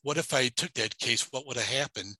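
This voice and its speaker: Very bright-voiced man telling a tale. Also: medium pitch, breathy edge, dry recording, poor audio. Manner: halting, repeats words and restarts. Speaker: paranormal investigator, podcast guest. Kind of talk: telling a personal story in an interview.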